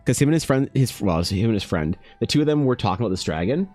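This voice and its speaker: A man's voice: medium pitch, expressive, racing, darkish tone, no room sound, faint music behind. A man, an artist, chatting casually with his live-stream audience, rambling and self-deprecating, often talking to viewers by name.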